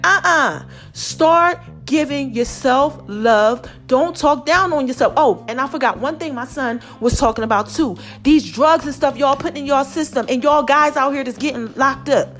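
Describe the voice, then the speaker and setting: With a high, slightly bright voice, a middle-aged woman runs her own podcast as a zealous, preachy pep talk aimed squarely at the people listening.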